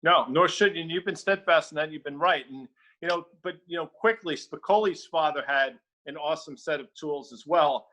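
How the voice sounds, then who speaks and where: A man's voice: a little high, brisk, sharp tone, poor audio. A man co-hosting a casual talk show about markets, with wry, joking asides. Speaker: podcast co-host.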